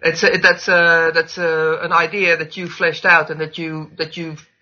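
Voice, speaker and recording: Interviewer: bright, rambling, restarting questions; dull lo-fi recording. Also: medium pitch, level tone, a little slow.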